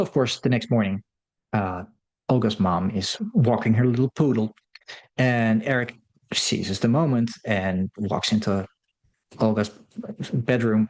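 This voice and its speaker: A man giving a loose, rambling recap of a film's plot, full of fillers and restarts. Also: fairly low pitch. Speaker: film commentator. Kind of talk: casual film recap.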